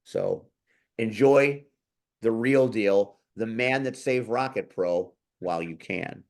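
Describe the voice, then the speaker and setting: A man hosting a casual talk show, blunt and quick to swear when he gets heated. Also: lowish voice, sing-song, vocal fry, a little mellow. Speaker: podcast host. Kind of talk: casual chat.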